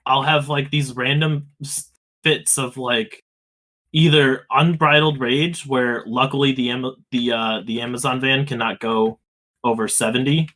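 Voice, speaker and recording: A man's voice: medium pitch, steady tone, measured pace, pushed and bright. Male podcast co-host, laid-back and casual, mid-range voice with easy swearing. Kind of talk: casual chat.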